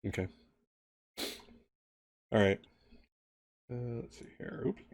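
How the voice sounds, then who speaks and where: A man's voice: medium pitch, animated, slow, vocal fry, darkish tone, no room sound. Man running a tabletop game, dry close voice. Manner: chatty, laughs easily. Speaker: game master.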